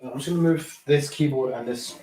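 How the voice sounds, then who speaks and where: A man's voice: medium pitch, brisk, dark tone, slight background noise. A man chatting casually and laughing easily while playing a board game with friends. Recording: echoey room.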